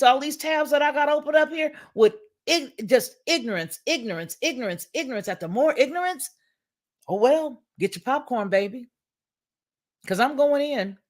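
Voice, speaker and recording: A woman hosting a livestream commentary, speaking in with an emphatic, preachy, repetitive manner. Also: high voice. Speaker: commentary channel host.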